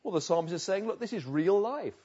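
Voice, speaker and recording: A man preaching a sermon, swinging from loud urging to hushed, slow pleading. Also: sits high, animated, husky. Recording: dull lo-fi recording.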